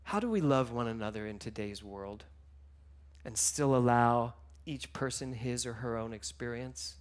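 A man giving a sermon, telling stories with emotion, moving between hushed and loud passages. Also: medium pitch, normal speed. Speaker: minister.

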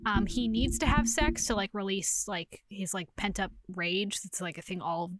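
A woman's voice: medium pitch, moderate pace, very noisy. A young woman co-hosting a podcast, casually recapping a romance novel, swearing and acting out the characters as she goes. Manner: animated storytelling, acts out characters, swears, laughs often. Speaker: podcast co-host. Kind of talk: casual book recap chat.

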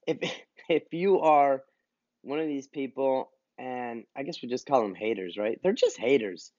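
Animated, laughing male podcast co-host. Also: medium pitch, a little slow, no echo, lo-fi sound. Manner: animated, laughs often, rambling. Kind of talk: casual chat.

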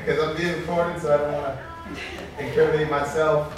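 A man preaching a sermon as pastor, lively and joking with the congregation. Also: on the high side, brisk, background noise. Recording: echoey hall from far off.

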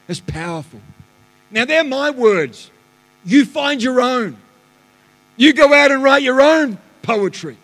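A man, a pastor preaching a lively sermon that swings between loud bursts and hushed asides, in a church auditorium. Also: very high voice, slow pace, long pauses. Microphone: live stream stage mic. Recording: live church hall reverb.

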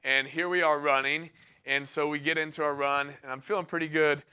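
A man's voice: on the high side, little pitch movement, brisk, bright, forceful tone, clear, resonant tone. A young man giving a sermon in a casual, enthusiastic way, telling a personal story and often laughing between phrases. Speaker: preacher.

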